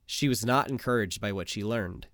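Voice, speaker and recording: A man co-hosting a casual podcast, loose and animated, swearing freely and full of fillers while he tells a true story. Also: fairly low pitch, moderate pace, no room sound, clean studio sound. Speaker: podcast co-host.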